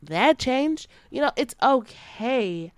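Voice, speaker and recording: Slangy, animated woman podcast host. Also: high voice, slow, smooth, no room sound. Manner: animated, plays out quoted friends in sassy voices; frank, slangy, laughs often. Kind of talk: casual podcast talk.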